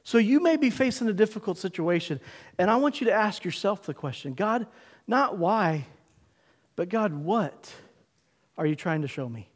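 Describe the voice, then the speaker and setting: A middle-aged male pastor preaching a sermon in a church, emphatic, with dramatic pauses and call-and-response. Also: high-pitched, in a large hall. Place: church sanctuary.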